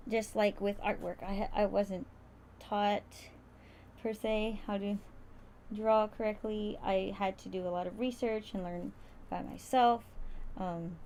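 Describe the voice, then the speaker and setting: A woman's voice: medium pitch, darkish tone, slight background noise. A woman hosting a casual livestream tutorial, chatty and rambling, often stumbling over her words as she sews. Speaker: crafter streaming a sewing demo.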